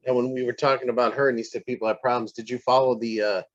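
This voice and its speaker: A man co-hosting a podcast, telling a story in an animated way and getting worked up. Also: medium pitch, fast talker. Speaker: podcast co-host. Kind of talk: casual podcast chat. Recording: dull lo-fi audio.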